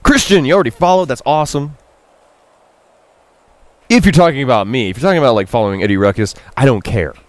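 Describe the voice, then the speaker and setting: A man streaming a Japanese game, reading out the characters' lines and translating them in a chatty, self-mocking way, jumping up in pitch to quote and dropping low for asides. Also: fast talker, pauses often, no echo. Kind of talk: casual live-stream commentary.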